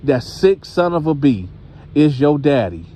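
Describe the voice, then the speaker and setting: A man voicing a stern, churchgoing grandmother who scolds and demands answers in a raised, high voice. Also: sing-song, measured pace, mellow. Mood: grim.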